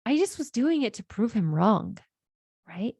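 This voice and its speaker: A woman's voice: on the high side, big pitch swings, a little slow, gravelly, darkish tone, slightly rough, no room sound, studio quality. A woman life coach hosting a podcast, explaining ideas in an earnest, conversational monologue and often checking in with "right?".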